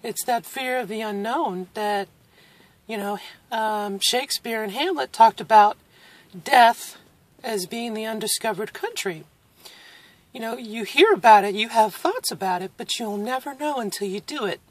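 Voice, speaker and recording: A woman in her forties speaking candidly in a personal video diary. She is emotional and halting, close to tears, with nervous laughs. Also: a little high, dry recording. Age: 40s. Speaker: vlogger.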